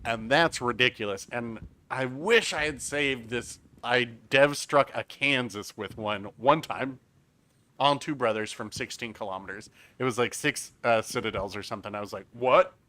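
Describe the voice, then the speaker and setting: A man's voice: mid-range voice, moderate pace, pushed and bright. A man streaming a naval game live, chatting casually as he explains mechanics and reads out chat messages.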